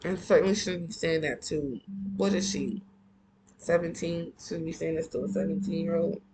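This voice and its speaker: A book reader reading a novel aloud and breaking off for animated, casual commentary to listeners. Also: medium pitch, moderate pace, a little hiss or hum, rough recording. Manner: animated, heated asides to listeners. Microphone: earphone mic.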